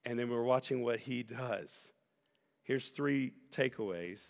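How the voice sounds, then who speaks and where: A man preaching a sermon as pastor, earnest and building to loud, emphatic peaks. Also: medium pitch, measured pace, creaky. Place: church sanctuary. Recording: church hall reverb with soft music.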